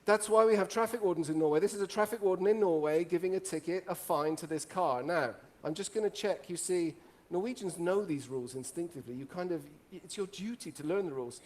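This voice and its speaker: A middle-aged man with a rather high-pitched voice tells lively stories to a room full of listeners. He jokes and quizzes the audience as he goes, in an animated, playful manner. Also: fairly quick, few pauses. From Italy. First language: Italian. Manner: animated and joking, asks the audience questions. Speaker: speaker. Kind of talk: storytelling talk to a live audience.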